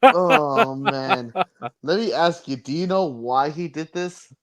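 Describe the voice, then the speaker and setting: A man's voice: a little high, slow pace. A man co-hosting a podcast in loose casual chat, swearing and bantering. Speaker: podcast co-host.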